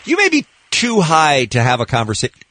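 A man's voice: fairly high pitch, wildly swooping pitch, fairly quick, bright, forceful tone, a little hiss or hum. A man co-hosting a radio show, upbeat and teasing, laughing often. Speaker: radio co-host. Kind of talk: morning radio banter.

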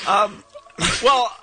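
A man's voice: very high-pitched, pushed and bright. A man hosting a morning radio show, asking questions and teasing his guest with wry remarks. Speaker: radio host.

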